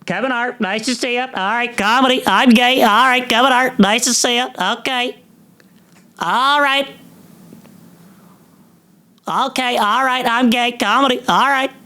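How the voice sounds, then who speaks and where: A man doing a loud, exaggerated impression of a male comedian, repeating catchphrases. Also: very high-pitched, fairly even intonation, unhurried, long pauses, clear, resonant tone, pitched above the performer's own voice, exaggerated voice. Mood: hyped. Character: brash high-voiced male comedian impression.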